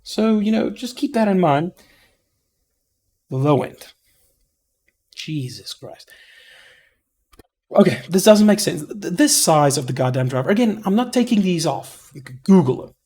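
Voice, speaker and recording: A man giving a rambling, profane headphone review, often stopping to correct himself and getting excitable. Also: high voice, a little slow, long pauses, husky. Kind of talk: casual review monologue.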